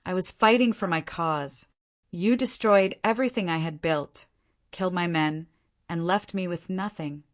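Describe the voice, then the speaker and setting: A woman's voice: lowish voice, moderate pace, lightly acted. A woman reading the lines of a cold, menacing older male terrorist leader with a slight accent. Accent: slight foreign accent.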